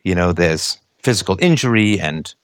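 A man giving a casual monologue, animated and argumentative, posing rhetorical questions. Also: low-pitched, normal speed, no room sound, studio quality. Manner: animated, acts out other people's voices in quotes.

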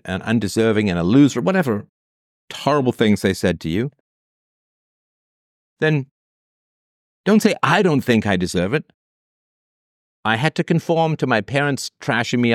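A man's voice: medium pitch, sing-song, moderate pace, pauses often, no room sound, clean studio sound. A man hosting an advice show, answering a listener's letter in a blunt, sarcastic, profane monologue.

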